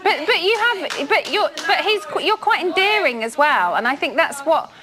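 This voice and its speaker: A woman's voice: very high voice, animated, moderate pace, a crowd in the background. A woman hosting a studio chat show, chatty and giggly, with frequent stammering restarts. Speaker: host.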